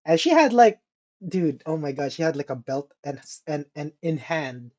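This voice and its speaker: A young man casually telling a story on a podcast, animated, swearing and laughing often. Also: a little high, moderate pace, dull audio. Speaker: podcast co-host.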